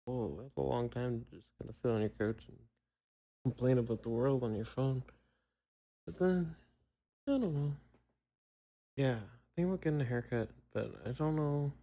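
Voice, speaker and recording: A young man talks loosely to himself, drifting from thought to thought and poking fun at himself. His voice is mellow and dark, with long pauses left in. It sounds like a relaxed solo chat. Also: mid-range voice, low-quality recording. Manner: rambling, self-mocking, long pauses. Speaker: podcaster.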